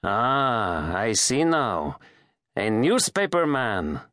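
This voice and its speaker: A man's voice: mid-range voice, sing-song, drawn-out words, fairly bright tone, no echo, studio quality, full character voice. A male narrator voicing a watchful, polite hotel clerk in an audiobook, speaking deferentially and addressing the guest as sir. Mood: knowing. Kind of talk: audiobook character voice.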